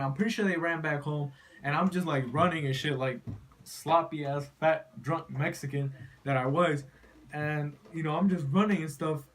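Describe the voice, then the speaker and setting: A young man telling a story casually to his viewers, rambling and profane, full of "you know" and "like.". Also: a little high. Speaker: vlogger.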